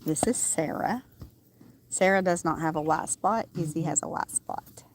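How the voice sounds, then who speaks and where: A woman talks in a chatty, rambling way, with plenty of "um"s, and her voice sits a touch low. She is outdoors on a small farm during a casual livestream, and roosters and farm animals faintly crow and call behind her. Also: normal speed, slight background noise. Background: roosters crowing and farm animals.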